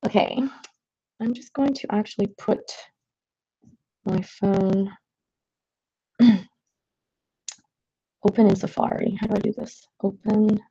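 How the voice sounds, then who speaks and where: A woman's voice: mid-range voice, fairly even intonation, takes it slowly, vocal fry, long pauses, warm tone, slightly rough. A young woman artist chatting casually with viewers on a livestream as she paints, scattered and self-deprecating, with lots of fillers. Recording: slightly dull lo-fi livestream audio.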